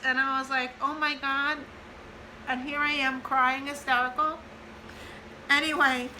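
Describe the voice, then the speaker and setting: A woman in her forties, a mother, reading a list from an old notebook aloud in a casual vlog, tearful and pausing to compose herself. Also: high voice, bright, forceful tone, slight background noise, low-quality recording. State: crying.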